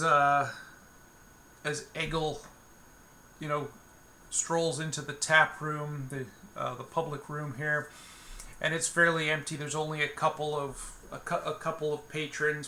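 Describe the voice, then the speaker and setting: A man talks his way through a solo tabletop game, wandering and restarting his sentences as he invents the scene. His voice sits a little high, bright and crisp, with a gravelly fry. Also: a little hiss or hum. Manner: meandering, many fillers and restarts.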